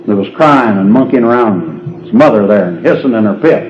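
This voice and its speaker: A man's voice: on the low side, lively intonation, brisk, a little hiss or hum. A man, telling folksy stand-up stories and chuckling at his own jokes before a live audience. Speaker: comedian. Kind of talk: stand-up storytelling. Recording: dull lo-fi live recording.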